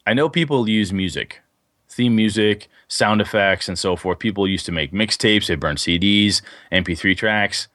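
A low-voiced man co-hosting a casual gaming podcast. He rambles through long stories, full of fillers and restarts. The sound is dry and close, with no room in it. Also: normal speed, no room sound. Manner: rambling, animated storyteller with many fillers. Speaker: podcast co-host. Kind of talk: casual podcast chat about tabletop gaming.

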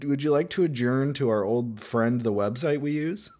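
A man's voice: medium pitch, moderate pace, darkish tone. A man co-hosting a casual podcast over a call, wry and hesitant, with many fillers. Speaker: podcast co-host. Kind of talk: casual chat.

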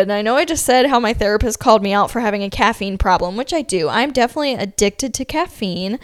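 Young woman, podcast host, chatty and upbeat, filler-heavy, smooth higher voice, dry close mic. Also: lively intonation, brisk, few pauses, no room sound. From Ohio. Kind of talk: casual solo podcast monologue.

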